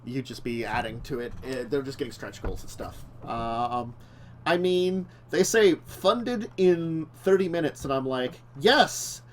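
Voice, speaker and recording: A man's voice: medium pitch, normal speed. A man co-hosting a casual talk show, rambling and correcting himself, laughing often. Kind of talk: casual chat.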